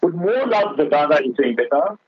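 Man, husky voice, earnest religious exhortation, heard through a tinny phone line. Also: mid-range voice, moderate pace, dry recording. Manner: earnest, exhorting, addresses the other speaker as Maulana; tells a moral story with quoted dialogue. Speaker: Islamic speaker on a radio talk show. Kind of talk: religious radio talk.

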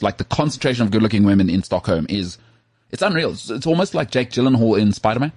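A man co-hosting a podcast, telling stories in an animated, emphatic way during casual chat. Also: on the low side, fast talker, slightly rough, no room sound, clean studio sound. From South Africa. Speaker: podcast co-host.

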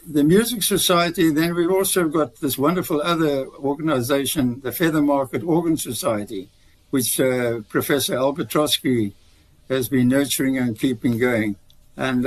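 A man's voice: mid-range voice, low-quality recording. A retired man telling stories as a radio guest, rambling with many restarts. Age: older. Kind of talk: radio interview.

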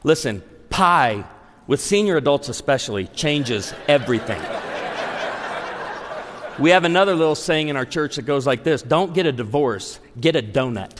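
A pastor in his forties preaching a humorous, story-driven sermon to a live audience, animated and acting out dialogue. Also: fairly high pitch, normal speed, background noise. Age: 40s. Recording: long hall reverb.

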